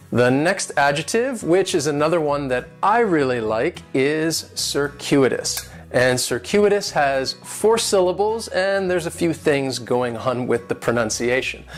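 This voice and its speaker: Patient man teaching word pronunciation. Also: fairly high pitch. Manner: clear, patient, spells out syllables and stress. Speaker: English teacher. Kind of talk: vocabulary and pronunciation lesson.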